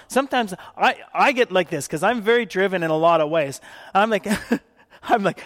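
A high-voiced man preaching with animated storytelling, slipping into the voices of the people in his stories. A long reverb from the hall trails behind every phrase. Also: a little fast. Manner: animated storytelling, acting out quotes. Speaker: pastor. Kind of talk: sermon.

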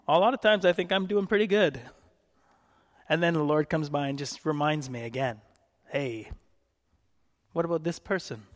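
A Canadian man preaches a sermon, telling stories with frequent laughs and acted-out quotes. His voice is high for a man, with a steady tone and brisk pace, and a long hall reverb rings through the sound.

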